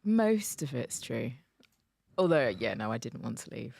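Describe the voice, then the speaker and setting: A woman, a former co-presenter, answering back slowly in radio banter, away from the studio microphone. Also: extremely low pitch, sing-song, creaky, a little mellow, breathy edge, no room sound.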